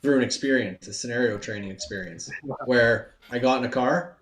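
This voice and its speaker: Male co-host, mid pitch, relaxed, roomy echo. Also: brisk. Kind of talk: casual podcast talk.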